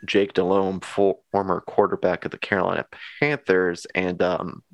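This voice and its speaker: A man's voice: sits low, flat delivery, normal speed, dry recording, dull audio. A man co-hosting a podcast in casual chat, with dry, self-deprecating humor. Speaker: podcast co-host.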